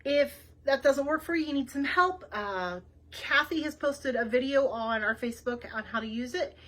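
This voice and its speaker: Chatty high-voiced woman librarian. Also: moderate pace, a bit bright. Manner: chatty, laughing, rambling. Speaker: librarian host. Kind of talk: children's read-aloud.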